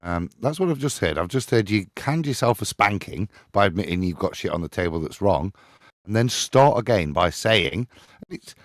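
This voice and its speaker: Emphatic low-voiced man on a panel. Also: dry recording, clean studio sound. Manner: emphatic, preachy, ends points with "eh?" and "yeah?". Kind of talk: live-stream panel discussion.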